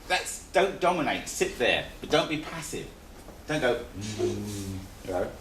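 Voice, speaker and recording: A man's voice: on the high side, very animated, moderate pace, a bit bright. A man teaching a live seminar in a conversational, repetitive way, often restating his points. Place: seminar room. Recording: echoey room, distant mic, faint hiss.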